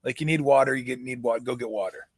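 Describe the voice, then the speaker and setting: A middle-aged man hosting a casual backyard chat, relaxed and reflective, who laughs easily. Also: medium pitch, fast talker, slightly rough, no echo. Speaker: host. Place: backyard outdoors.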